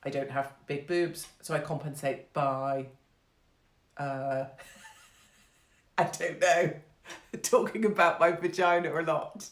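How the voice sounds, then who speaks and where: A woman's voice: sits low, fairly even intonation, takes it slowly, pauses often. An English woman hosting her own online show, talking in a casual monologue and keeping up a brash, sarcastic, profane patter, laughing at her own jokes. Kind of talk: casual monologue on a live stream. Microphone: phone microphone. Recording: roomy echo.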